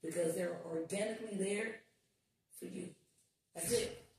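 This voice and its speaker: A woman guest on a podcast, telling stories in casual chat, animated and swearing as she acts out what people said. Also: mid-range voice, unhurried, slight background noise. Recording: echoey room, distant mic.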